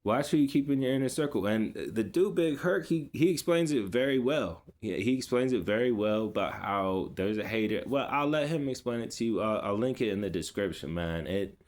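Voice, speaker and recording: A man's voice: medium pitch, lively intonation, fairly quick, few pauses, darkish tone. A man vlogging, telling a personal story in a casual, rambling way with many fillers, restarts and street slang. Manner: laid-back street slang.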